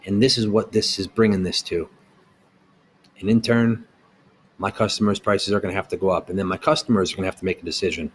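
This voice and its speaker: Man, middle-aged, lowish voice, heated, blunt, rhetorical questions, business owner ranting. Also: steady tone, fairly quick, slight background noise. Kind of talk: opinion rant to camera.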